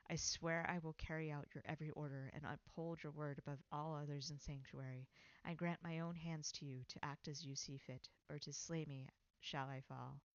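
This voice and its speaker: An earnest man pledges his loyalty in a solemn, measured read, as the writer voices him. The pitch sits in the middle, and the sound is dry and a little muffled, with no room around it. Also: fairly even intonation, dry recording, close to an everyday voice. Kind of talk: reading aloud own fiction.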